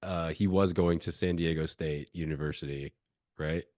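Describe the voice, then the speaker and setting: A man's voice: extremely low pitch, steady tone, normal speed, darkish tone, dry recording, studio quality. A young man as a podcast guest, talking in a laid-back, casual way and swearing freely.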